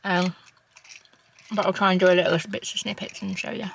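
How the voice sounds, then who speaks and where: A woman's voice: medium pitch, flat delivery, fairly quick, vocal fry, slight background noise, rough recording. A woman in her thirties chatting frankly to camera at home, swearing freely as she talks. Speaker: vlogger. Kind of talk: casual chat. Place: family home, kitchen.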